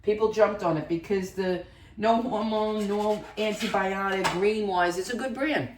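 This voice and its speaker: A woman's voice: mid-range voice, a little slow, far from the mic, background noise. A woman hosting a home cooking vlog, talking casually and rambling through asides as she works in her kitchen. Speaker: cooking channel host. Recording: echoey kitchen, voice away from the mic.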